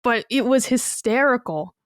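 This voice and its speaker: A woman's voice: on the high side, moderate pace, dry recording, clean studio sound. A woman co-hosting a podcast, chatting casually and telling stories with lots of fillers. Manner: animated storyteller, frequent "like" fillers. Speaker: podcast co-host. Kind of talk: casual chat.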